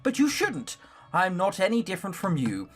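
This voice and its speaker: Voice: medium pitch, huge pitch swings, normal speed, faint music behind. A streamer voicing a sardonic poor young girl. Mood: flippant. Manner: sarcastic, flippant. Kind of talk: reading a visual novel aloud.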